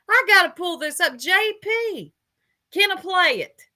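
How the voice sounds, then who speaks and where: A woman's voice: very high voice, sharp tone. A woman giving casual livestream commentary while reading chat aloud, blunt and gossipy, with casual swearing.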